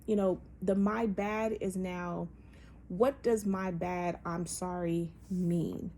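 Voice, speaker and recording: A woman's voice: lowish voice, fairly even intonation, takes it slowly, warm tone, a little hiss or hum. Emphatic woman talking with many fillers. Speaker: podcast host. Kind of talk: casual opinion monologue.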